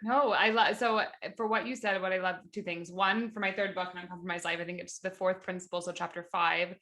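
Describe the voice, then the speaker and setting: A woman hosting a podcast interview, talking quickly and enthusiastically. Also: on the low side, fairly even intonation, pushed and bright. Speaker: podcast host. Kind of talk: interview chat.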